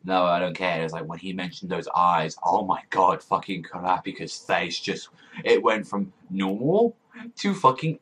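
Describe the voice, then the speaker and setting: A young man reacts casually to a manga chapter, excitable and profane, rambling with plenty of fillers. His voice is low with a breathy edge, at a normal speed.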